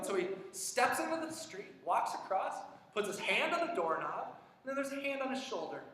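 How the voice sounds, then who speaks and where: A man preaching a sermon, telling a story in an animated way and acting out the dialogue with frequent restarts. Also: high-pitched. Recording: echoey church hall, distant mic.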